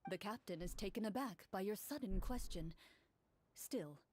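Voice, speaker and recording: A woman serving as game master, narrating a tabletop role-play in a measured, descriptive way. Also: medium pitch, lively intonation, a little mellow, a little hiss or hum.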